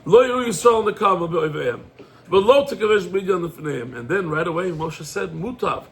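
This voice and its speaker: A male rabbi a high voice and a gravelly edge, teaching an animated Torah class. He speaks laced phrases and acts out each exchange as a storyteller would. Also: normal speed, slight background noise. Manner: animated storyteller, acts out dialogue, rhetorical questions. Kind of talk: lively Torah class, mixing English with Hebrew quotes.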